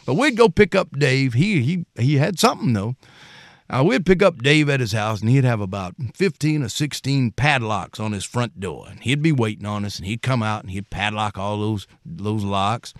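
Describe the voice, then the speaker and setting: A middle-aged man tells rambling, folksy stories as a musician guest. His voice sits at a middle pitch. The recording is close and dry. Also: expressive, normal speed, dry recording. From Mississippi, US. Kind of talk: storytelling interview.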